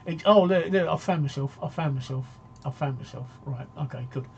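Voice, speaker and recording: A man's voice: on the high side, brisk, gravelly, dull audio, a little hiss or hum. A man hosting a casual live-stream talk show, rambling and joking as he reads out viewer comments.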